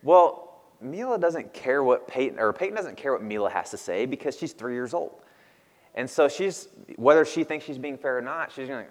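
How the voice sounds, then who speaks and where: A pastor in his thirties preaches a sermon in a casual, conversational style, laughing frequently. His mid-range voice is expressive at a normal speed, and the recording carries a hall's long reverb.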